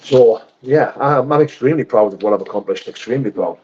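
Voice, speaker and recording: This middle-aged English livestream host talks fast in a mid-range voice with a darkish tone, giving blunt replies to viewer comments and addressing people as mate and brother. The sound is lo-fi with slight background noise, and the talk is casual live chat.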